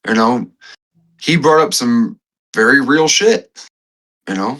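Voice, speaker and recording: A man talking as a podcast guest, telling a personal story in a halting way, repeating phrases and restarting often, a little choked up. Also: mid-range voice, lively intonation, a bit bright, low-quality recording. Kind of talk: emotional conversational storytelling.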